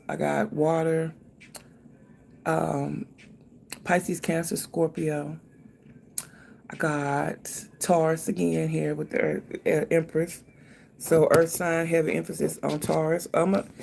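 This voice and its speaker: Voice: medium pitch, creaky, a little mellow, slight background noise. A tarot reader giving a casual reading, thinking aloud, speaking straight to the viewer and swearing freely.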